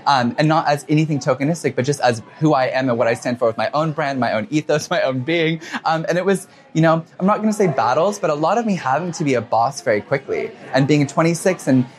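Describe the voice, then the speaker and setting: A man in his twenties answering interview questions, talking quickly and emotionally with many fillers and quoted asides. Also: a little high, expressive. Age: 20s. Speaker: fashion designer, interview guest.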